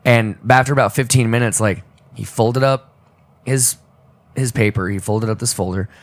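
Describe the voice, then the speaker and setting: A man on a podcast telling a deeply personal story in a halting, emotional way, often restarting his sentences and choking up. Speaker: podcast co-host. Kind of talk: personal storytelling in casual talk.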